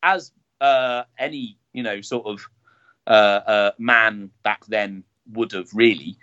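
A man's voice: lowish voice, slow, bright, forceful tone. A man, a town jester being interviewed, talking casually with many fillers and restarts. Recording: dull lo-fi sound.

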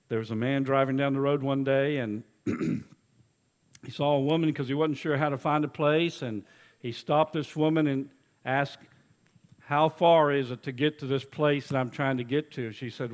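At a moderate pace, a male executive pastor gives a sermon built around folksy tales, shifting from loud appeals to hushed asides.

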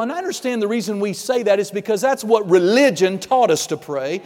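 In an animated sermon, a male pastor drops to a hush before building to loud declarations. His fairly high voice moves quickly with hardly any pauses, and a large church hall gives it a long reverb.

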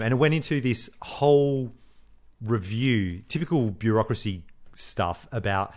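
A man, co-hosting a podcast and telling a story in casual chat, animated, swearing freely and acting out the voices he quotes. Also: lowish voice, measured pace. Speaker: podcast co-host.

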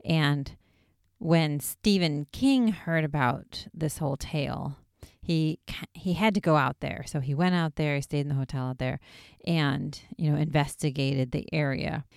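A woman's voice: low-pitched, a little slow, creaky, no echo, clean studio sound. A woman casually recapping a TV episode in a chatty way, with lots of "like" and wry asides.

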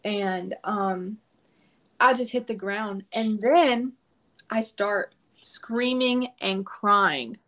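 A woman's voice: medium pitch, drawn-out words, a bit bright. A woman guest on a podcast, telling a personal story in a casual, emphatic way and acting out quoted prayers.

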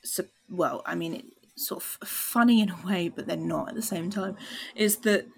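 A woman's voice: fairly low pitch, normal speed, vocal fry, slightly rough. A woman hosting a podcast in casual film chat, chatty with many fillers, acting out quoted lines. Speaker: podcast host.

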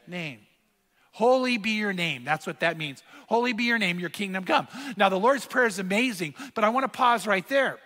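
Recorded in an echoing church hall, a middle-aged male pastor delivers his sermon through conversational, lively storytelling with acted-out dialogue. He speaks in a high voice at a moderate pace.

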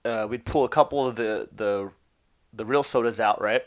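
Guy rattling off a wild story, quick and loose, swears a lot, says "you know" constantly, mid-range voice. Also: mid-range voice. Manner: quick, loose and profane, with fillers and laughs. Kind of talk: personal anecdote, casual storytelling.

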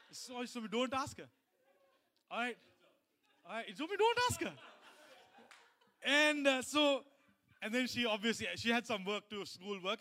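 A middle-aged man preaches in a loose, conversational way, stopping and restarting as he tells a personal story. His voice sits high and sounds bright and forward. He talks to the congregation as if they are friends. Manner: conversational, many restarts and asides. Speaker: pastor.

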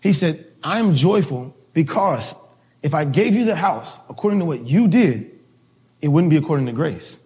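A man's voice: on the high side, expressive, normal speed, darkish tone. A male pastor telling a personal story in a sermon, casual and laughing, with many restarts. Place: church service.

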